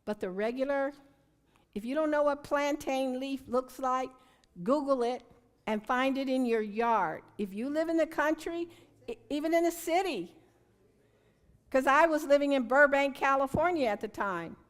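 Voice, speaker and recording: An older woman speaks to a church gathering about natural remedies. Her voice sits somewhat high, and she tells her stories with animated, emphatic repetition. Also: moderate pace. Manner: animated storyteller with emphatic repeats. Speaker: health presenter at church. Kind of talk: informal talk to a church group. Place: church hall.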